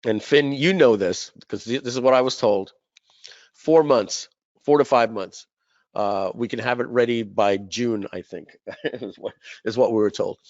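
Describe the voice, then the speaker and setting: A man's voice: medium pitch, a little slow, no room sound. A man hosting a webinar, telling a business story in casual chat and acting out quoted dialogue with animation. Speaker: webinar host. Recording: dry, dull lo-fi webinar audio.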